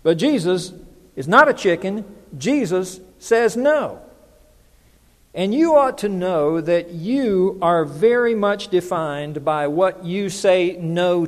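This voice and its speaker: A man's voice: high-pitched, long reverb tail. A male pastor preaching a sermon in a conversational way, often asking the congregation questions.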